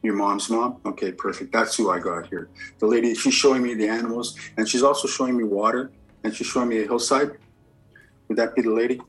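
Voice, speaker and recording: A man with a slightly husky voice gives a spirit reading as a medium. He asks short yes-or-no questions and confirms each answer calmly. Faint music plays underneath. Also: mid-range voice, brisk, rough recording. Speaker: evidential medium giving a reading.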